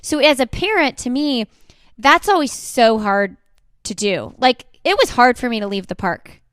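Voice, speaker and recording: A woman's voice: a little high, animated, normal speed, a bit bright, clean tone, dry recording, clean studio sound. A woman hosting a podcast, talking earnestly about her own parenting struggles. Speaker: podcast host. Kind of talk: podcast conversation.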